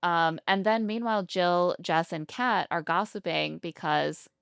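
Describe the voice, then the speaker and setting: Animated profane woman podcast co-host. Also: on the low side, a little slow, vocal fry, clear, resonant tone, no room sound, clean studio sound. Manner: animated, profane, acts out quotes. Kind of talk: casual recap chat.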